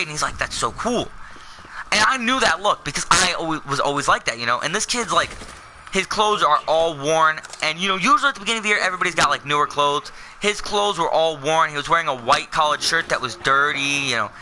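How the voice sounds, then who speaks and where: A man's voice: fairly high pitch, fast talker, sharp tone, a little hiss or hum, low-quality recording. A young man telling a personal story in a casual, rambling way, full of fillers and self-corrections. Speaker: vlogger.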